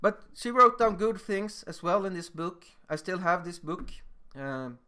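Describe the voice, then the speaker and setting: A young man with a slightly higher voice lecturing through his own school stories. He tells them in an animated, emphatic way, punching key words and acting out scenes. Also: measured pace, clean tone. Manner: animated, emphatic, acts out moments. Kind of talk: personal storytelling lecture.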